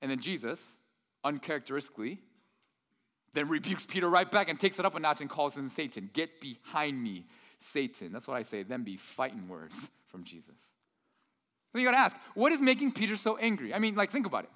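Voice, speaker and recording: Animated man preaching in a reverberant hall. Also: a little high, a little fast. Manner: animated storyteller, acts out quotes. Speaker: pastor. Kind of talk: sermon.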